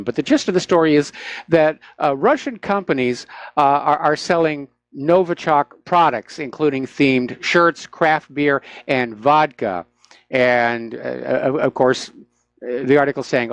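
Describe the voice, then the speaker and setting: A man's voice: on the high side, normal speed, no echo. A man hosting a talk radio show, giving opinionated, sarcastic commentary with frequent "uh" fillers into a studio microphone.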